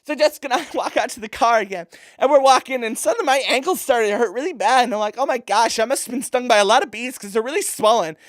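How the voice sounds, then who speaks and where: A vain, airheaded young valley girl, played by a woman in a comic monologue. She gushes and tumbles through every sentence in a high, bright voice. The sound is dry and close. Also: fast, no echo, lightly acted. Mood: gushing. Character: vapid, self-absorbed young woman shopper.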